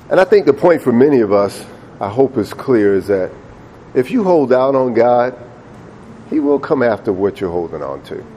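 A man's voice: medium pitch, moderate pace, warm tone, a little hiss or hum. A man preaching a sermon, retelling a story in a conversational way and repeating words when he gets emphatic.

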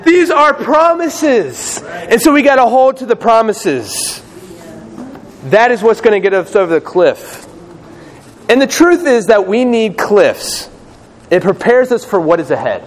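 A man preaching a sermon in a lively, casual way, acting out quoted voices with slang. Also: extremely high pitch, a little slow. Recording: long hall reverb, faint ambience.

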